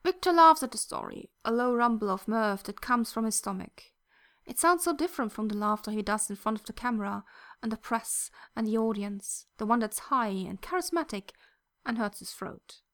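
A woman narrating a fan fiction story in a soft, gentle reading voice that at times drops close to a whisper. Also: on the high side, expressive, moderate pace.

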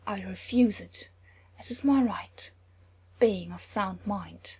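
A woman's voice: slow, a little mellow, full character voice. A woman whispering a bitter, hissing broken prince. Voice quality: breathy. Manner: low hissed whisper.

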